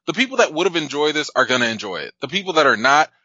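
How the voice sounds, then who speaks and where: Bright-voiced man hosting a critics' panel. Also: on the high side, very fast, no echo, dull audio. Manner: relaxed, joking, summarizing. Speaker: panel host, film critic. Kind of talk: casual panel discussion.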